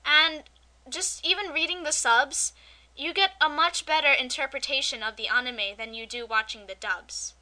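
A young woman co-hosting an amateur podcast, chatting casually and ranting with animated energy. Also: high-pitched. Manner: chatty, animated, quick to rant. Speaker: podcast co-host.

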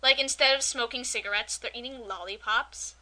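A young woman co-hosting an amateur podcast, chatting casually and ranting with animated energy. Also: fairly high pitch. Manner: chatty, animated, quick to rant. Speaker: podcast co-host.

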